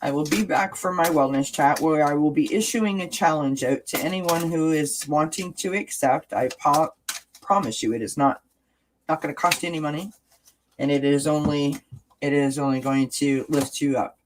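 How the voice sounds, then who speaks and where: A woman's voice: low voice, moderate pace, background noise. A woman hosting a casual live-stream chat about oracle cards, talking in a rambling way with frequent restarts.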